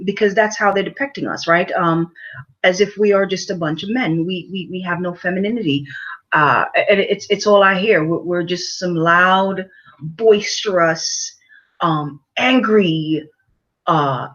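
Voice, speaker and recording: A woman vlogger giving her opinions to camera, halting with many fillers and repeated words, and lecturing her audience emphatically. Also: lowish voice, a bit bright, dull audio.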